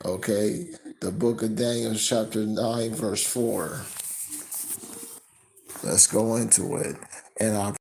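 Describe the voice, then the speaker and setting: A man teaching from scripture, tagging nearly every sentence with "okay?" and reading the verses slower and louder. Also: on the low side, vocal fry, slight background noise, rough recording. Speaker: preacher.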